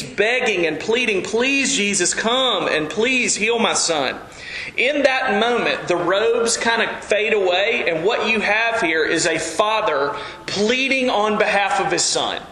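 A man preaching an earnest, animated sermon as pastor. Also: sits high, roomy sound, slight background noise, rough recording.

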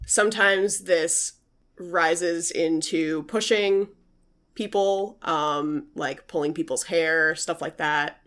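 Woman podcast co-host, lowish pitch, chatty storyteller. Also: slow pace, a bit bright. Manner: chatty, uses many fillers, reads out quotes. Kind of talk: casual chat, telling a ghost story.

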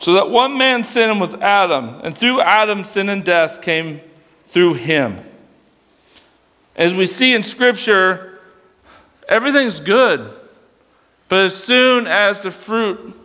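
A man's voice: sits high, sing-song, takes it slowly, pauses often, bright, forceful tone, in a large hall. A young man preaching a sermon as youth pastor, casual and conversational, with fillers and self-corrections. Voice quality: dyslexic, struggles reading aloud.

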